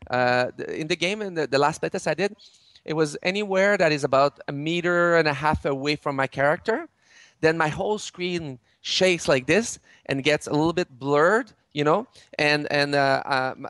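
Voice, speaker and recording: A man's voice: a little high, a bit bright, no room sound. A middle-aged man, a game studio head in an interview, explaining game mechanics with many restarts and fillers.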